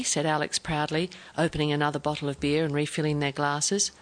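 Woman narrator, lowish voice, calm, audiobook reading. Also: fairly quick, few pauses. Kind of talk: scripted narration.

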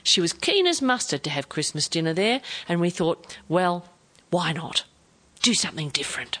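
A woman's voice: on the low side, big pitch swings, fairly bright tone. A woman voicing a kindly, plain-spoken middle-aged neighbour man. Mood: easygoing. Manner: kindly and measured.

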